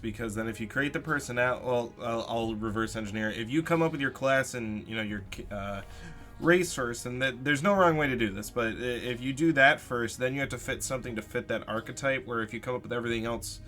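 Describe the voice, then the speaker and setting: Male host and game master, bright tense tone, explanatory casual chat. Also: medium pitch, fairly quick, faint music behind. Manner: explanatory, talks things through at length. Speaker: podcast host and dungeon master. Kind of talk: casual chat about role-playing.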